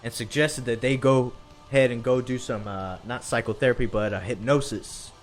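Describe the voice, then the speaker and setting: A man, telling a story in a drawn-out country storytelling voice and often asking "all right?". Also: medium pitch, fairly even intonation, faint music behind. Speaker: podcast co-host.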